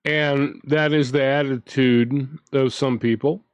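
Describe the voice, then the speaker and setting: A man's voice: medium pitch, fairly even intonation, takes it slowly, smooth, dry recording, highs cut off. A man hosting his own channel, ranting in a casual, indignant way, with frequent restarts as he talks. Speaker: commentary channel host.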